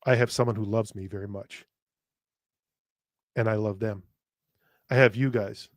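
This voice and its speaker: A man's voice: fairly low pitch, steady tone, unhurried, no room sound, clean studio sound. A man hosting a podcast who speaks candidly and emotionally, stumbling over restarts and repeated words, swearing bluntly now and then, and addressing his listeners directly. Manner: earnest, speaking straight to listeners. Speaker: podcast host. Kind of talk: candid personal podcast monologue.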